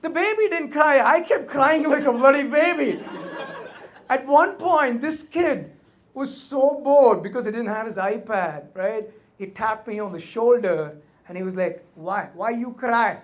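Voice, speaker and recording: A man's voice: extremely high pitch, a little slow. A male stand-up comedian telling a story on stage into a handheld mic, often tagging his lines with "right?". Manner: tags lines with a questioning "right?".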